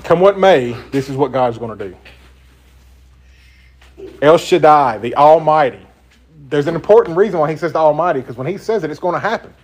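A man's voice: on the high side, lively intonation, fairly quick, long pauses. Een man met een Zuidelijk Amerikaans die een informele Bijbelstudie leidt, praat en legt met nadruk uit en stelt zijn groep vragen. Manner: conversational, emphatic, asks the group questions. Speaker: Bible teacher. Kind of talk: informal Bible study teaching.

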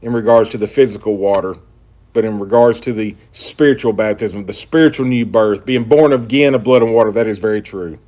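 A man's voice: lowish voice, a little fast, warm tone. A man preaching a sermon and reading scripture aloud in an emphatic style. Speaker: pastor.

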